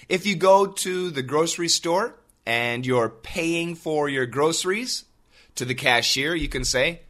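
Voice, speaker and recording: A man with an American accent teaching English on a podcast, upbeat and clear, repeating phrases for the listener. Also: on the high side, very animated, unhurried, bright, forceful tone. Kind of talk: podcast lesson.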